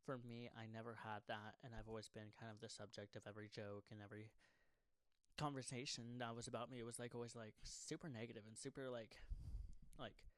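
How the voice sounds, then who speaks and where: A young man talks straight to his fans in a loose, unscripted ramble, tossing in swear words and sarcastic jokes. His voice sits at an ordinary middle pitch. It is recorded close to the mic, with a very dry sound and no room echo. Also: flat delivery, brisk, smooth. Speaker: pop singer-songwriter promoting an album. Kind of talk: casual unscripted monologue to fans.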